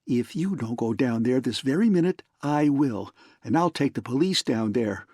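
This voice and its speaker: A man's voice: medium pitch, animated, normal speed, mellow, husky, no room sound, clean studio sound. A man reading an audiobook, voicing a worried, fiery young woman secretary in an impassioned, indignant manner. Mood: pleading.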